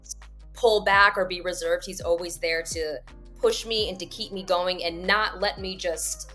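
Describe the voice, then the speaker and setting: A woman's voice: on the low side, steady tone, a little slow, pushed and bright, soft background music. A woman voice actress answering interview questions in a casual, upbeat way and laughing often. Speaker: voice actress guest.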